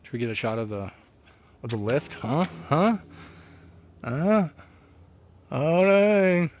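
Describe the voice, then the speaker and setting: A man's voice: mid-range voice, very animated, measured pace. A man from Colorado hosting a live vlog outdoors on a mountain, chatting casually and often asking his viewers "huh?".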